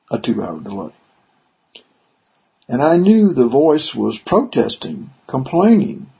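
Gravelly husky man reading scripture. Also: medium pitch. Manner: reads verses then explains them conversationally. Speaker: preacher. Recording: dull lo-fi recording.

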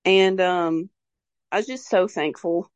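A woman's voice: fairly low pitch, slow, no echo. A young woman telling a personal story in a casual, rambling way, full of "like" and fillers, emotional and devout in tone. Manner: rambling, heavy use of "like" and fillers; openly emotional and religious in tone. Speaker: mother sharing her birth story.

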